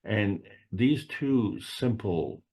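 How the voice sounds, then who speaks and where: A man lectures on spiritual ideas in a loose, meandering way, circling back and repeating himself as he poses questions to the listener. His voice sits very low and sounds husky and mellow. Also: lively intonation, drawn-out words.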